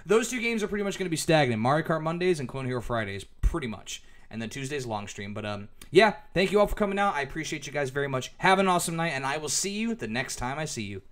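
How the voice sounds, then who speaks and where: A man's voice: fairly high pitch, very animated, quick pace, hardly any pauses, a bit bright. A man commentating his own live game stream, cursing at the game and then thanking viewers. He says he is losing his voice. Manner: frustrated swearing, then friendly sign-off.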